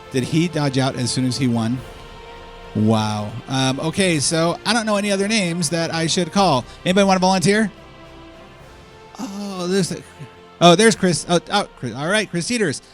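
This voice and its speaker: Man, high voice, live event host, energetic, joking, faint music behind. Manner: energetic, joking, calling out instructions. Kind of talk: live event hosting, directing a stage game. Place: convention stage before a live audience.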